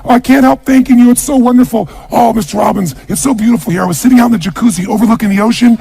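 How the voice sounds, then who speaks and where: A man's voice: very high voice, very fast, creaky, mellow, breathy edge, voice pushed up, heavily acted. A man voicing a gushing, grateful female housemaid, raising his voice into a breathless, fawning sing-song.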